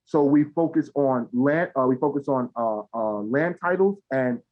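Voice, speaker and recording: A man's voice: mid-range voice, normal speed. A man speaking as a podcast guest, often stalling on repeated words and fillers. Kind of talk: casual podcast interview. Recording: dull lo-fi sound.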